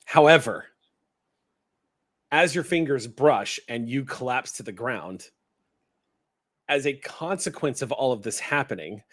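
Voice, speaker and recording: A man narrating a tabletop horror game as game master, vivid and easy to laugh. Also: mid-range voice.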